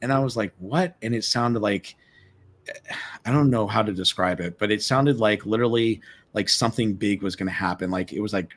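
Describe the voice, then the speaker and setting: Low-voiced man telling an excited ghost story. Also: a little fast. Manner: excited, repeats words, acts out quoted lines. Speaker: guest, former ship tour guide. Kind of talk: animated storytelling. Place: remote live stream call.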